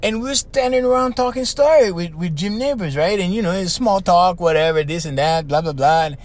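An older man with a Hawaiian accent, hosting a podcast and telling a story in a slangy, animated way with lots of repeats. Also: sits high, brisk. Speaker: podcast host. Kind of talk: casual storytelling.

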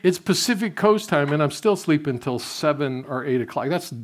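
An older man giving a conversational sermon, telling personal stories and dropping his voice softly when quoting his prayers. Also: a little high, lively intonation, normal speed. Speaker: pastor.

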